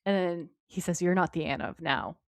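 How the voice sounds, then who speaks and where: A woman co-hosting a podcast, retelling a TV episode with lively quoted lines in casual chat. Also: on the low side, brisk, no room sound. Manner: lively retelling, quoting characters in her own voice. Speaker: podcast co-host.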